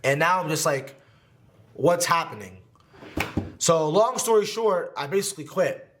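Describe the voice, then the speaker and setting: A man's voice: a little high, expressive, unhurried, fairly bright tone, slight background noise. A young man from New Jersey telling a candid, emotional personal story to camera in his home podcast studio, with many fillers. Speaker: competitive gaming creator.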